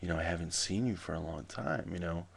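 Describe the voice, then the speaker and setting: A small-town pastor, earnest and concerned about an absent parishioner, as a man plays him. The voice is low and gravelly, hardly changed from the teller's own. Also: quick pace, heavily acted.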